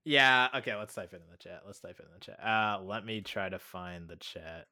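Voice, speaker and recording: A man's voice: fairly low pitch, brisk, bright, forceful tone. A man running a tabletop game, rambling casually with self-mocking asides and frequent laughs. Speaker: game master. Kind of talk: casual chat over a call.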